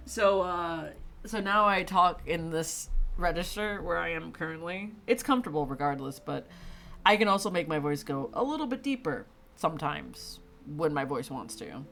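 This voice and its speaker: A woman's voice: sits low, creaky, fairly bright tone. A young woman streaming, congested and tired, chatting loosely with viewers and laughing often. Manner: rambling, frequent laughs and fillers. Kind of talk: casual chat with stream viewers. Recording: faint music behind.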